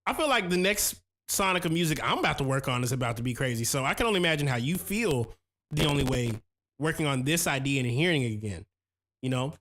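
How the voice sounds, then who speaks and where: With a mid-range, slightly bright voice, this man talks fast and expressively. He's in his thirties, hosting a casual livestream where he reads viewer comments aloud, reviews their beats, and speaks loosely in slang about production.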